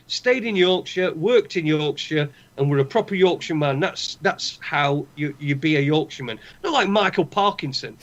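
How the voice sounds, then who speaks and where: High-voiced ranting northern man. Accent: Northern English. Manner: profane, opinionated ranting. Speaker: podcast co-host. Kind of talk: casual chat. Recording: dull lo-fi sound.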